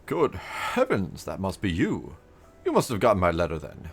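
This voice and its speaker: A man voicing a pompous, blustering male town mayor in a game, with a mock British accent and theatrical, drawn-out delivery, over faint music. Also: low voice, huge pitch swings, heavily acted.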